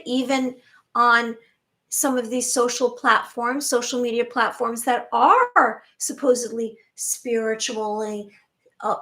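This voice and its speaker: With a voice that sits high, a spiritual channel host who has an adult daughter talks to her audience in an earnest monologue. Her tone is soft and reassuring, and rhetorical questions come often.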